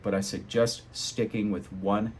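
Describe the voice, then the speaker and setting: Animated male English tutor. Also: fairly low pitch, unhurried, a little hiss or hum. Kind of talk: casual teaching to camera.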